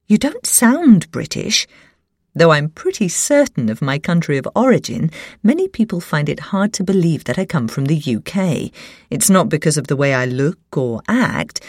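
A woman reading an essay aloud as scripted narration, measured and carefully enunciated. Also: deep voice, a little mellow, dry recording, clean studio sound. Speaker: essay reader.

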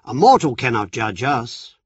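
A man's voice: medium pitch, very animated, unhurried, breathy edge, no room sound, recorded from a distance. A man doing a haughty, angry queen of the gods. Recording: dry, slightly dull recording.

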